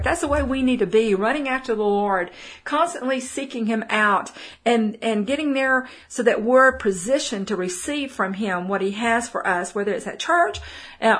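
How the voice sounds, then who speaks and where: A woman's voice: a little high, a bit bright. A middle-aged woman with a Texan accent giving a folksy, conversational Bible teaching, full of fillers and restarts. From Texas. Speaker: preacher.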